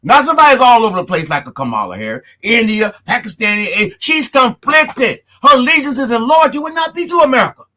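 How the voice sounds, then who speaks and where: A man's voice: extremely high pitch, big pitch swings, fast, hardly any pauses, sharp tone. A man co-hosting a casual political talk show who speaks emphatically and gets worked up. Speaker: co-host.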